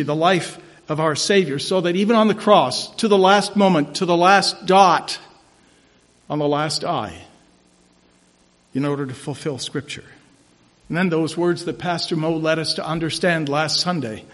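A man preaching a sermon as pastor, emphatic and rising to loud declarations, in a church sanctuary. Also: on the high side. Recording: church hall reverb.

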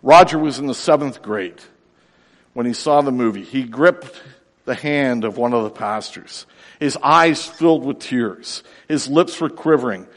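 Male pastor, mid-pitched, dramatic sermon delivery with wide loud-soft swings, in a reverberant hall. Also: unhurried.

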